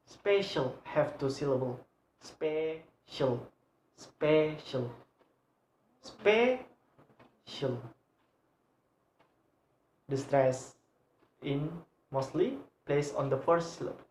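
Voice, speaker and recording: A young man with an Indonesian accent, a student whose first language is Indonesian, giving a halting English pronunciation lesson with many fillers and repeated example words. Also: medium pitch, darkish tone, a little hiss or hum. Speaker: student presenter. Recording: echoey room.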